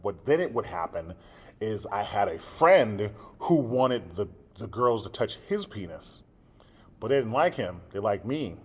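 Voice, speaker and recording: A young man in a candid personal monologue, rambling with lots of fillers and keeping a deliberately low, comfortable speaking tone. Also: sing-song, husky. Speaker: podcaster.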